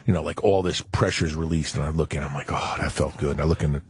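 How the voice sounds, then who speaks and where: A middle-aged former football player, a guest on a talk show, telling a crude comic story in an animated, profane way and acting out the other people in it. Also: male voice, extremely low pitch, fast talker, breathy edge.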